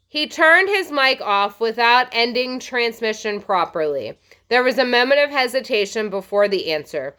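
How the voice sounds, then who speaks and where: A woman teacher reads a novel aloud in an expressive storytelling manner. Her voice sits high and bright. Her pitch moves with a lot of life. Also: measured pace.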